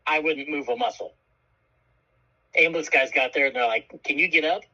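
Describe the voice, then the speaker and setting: A man co-hosting a radio show tells a story with a bright, edgy, slightly husky voice, cursing freely and acting out each person he quotes. The broadcast sound is dull and muffled. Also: on the high side, moderate pace. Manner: animated, profane, acts out quoted voices. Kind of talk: casual storytelling chat.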